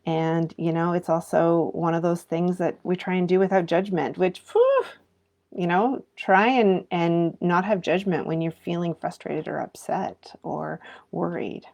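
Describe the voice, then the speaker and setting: A woman's voice: lowish voice, steady tone, measured pace, vocal fry, few pauses, darkish tone. A woman in her thirties or forties, a mindfulness teacher, giving an earnest, reflective live talk to educators and asking her viewers many questions.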